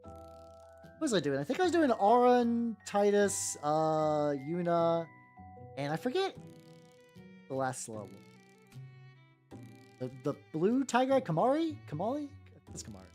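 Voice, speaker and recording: A chatty streamer talks through a painting session in a loose, rambling way, full of fillers and false starts. The voice sits at a middle pitch but swoops up and down a lot. Soft background music plays faintly under the talk. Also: big pitch swings, a little slow, long pauses. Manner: rambling, many "like" fillers and restarts; answers chat while painting. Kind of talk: casual livestream chat.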